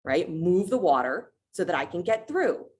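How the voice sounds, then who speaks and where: A woman's voice: fairly low pitch, sing-song, moderate pace, darkish tone, pitched above the performer's own voice. Woman doing an irritated god-king. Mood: angry. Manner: curt, irritated demands. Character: exasperated male god-king, angry and impatient.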